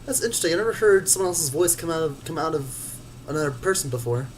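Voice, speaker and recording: A player in an online tabletop game, describing their character's actions haltingly, with many restarts. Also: medium pitch, expressive, a little hiss or hum, poor audio. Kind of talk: casual tabletop role-play.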